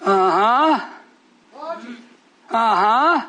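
A man's voice: very high-pitched, lively intonation, measured pace, long pauses, sharp tone, a little hiss or hum. A man preaching a sermon to a live congregation, teasing and questioning them in call-and-response. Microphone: broadcast on shortwave radio.

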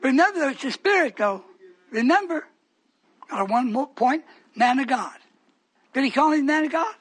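A male preacher giving a fiery sermon, repeating phrases for emphasis and swinging between shouts and hushed whispers. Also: very high voice, animated, normal speed.

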